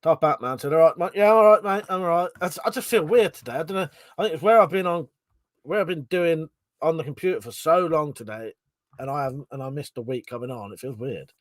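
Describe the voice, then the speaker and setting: A man's voice: fairly high pitch, fast, no room sound. Chatty man, dry sound. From southern England. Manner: chatty, laughs often, swears casually. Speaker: livestream host. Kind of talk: casual stream chat reading viewer comments.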